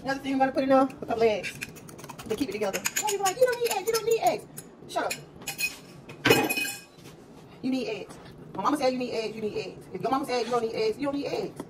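A woman hosting a casual home cooking vlog, chatty and joking, laughing at her own jokes. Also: high voice. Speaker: cooking show host. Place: home kitchen. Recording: distant mic with steady background noise.

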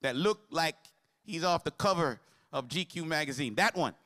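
A man's voice: fairly high pitch, animated, moderate pace, bright, forceful tone. A man preaching a sermon as pastor, mixing humor with call-and-response to the congregation.

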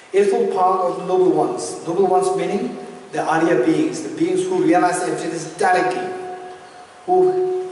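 A man with a fairly high voice gives a Buddhist teaching, circling back to repeat key phrases as he explains. He is recorded from a distance in a large hall with a long, ringing reverb and a faint hiss underneath. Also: a little mellow. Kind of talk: dharma teaching. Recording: echoey hall, distant mic, faint noise.

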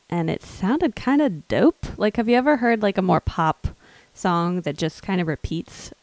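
A woman's voice: on the low side, creaky, a little mellow, dry recording, poor audio. A woman musician from the American South, with no regional accent, hosting a livestream. She talks in a rambling, thoughtful way between songs, with lots of fillers, and reads out viewer comments. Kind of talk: casual chat between songs.

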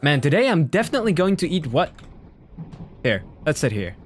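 Animated, playful man streaming a game. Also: fairly high pitch, a little fast, soft background music. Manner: playful, laughs often, animated reactions. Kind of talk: casual game commentary.

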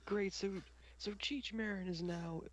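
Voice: medium pitch, fairly even intonation, a little slow, slight background noise. A co-host on a casual film podcast who cuts in with wry, joking remarks.

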